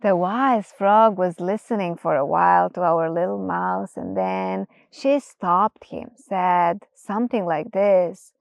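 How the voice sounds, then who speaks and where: Woman storyteller, very slow, expressive, hushed moments, dry close sound. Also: lowish voice, creaky, dry recording, muffled recording. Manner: slow, expressive, drops to near-whisper at times. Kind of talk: gentle storytelling narration.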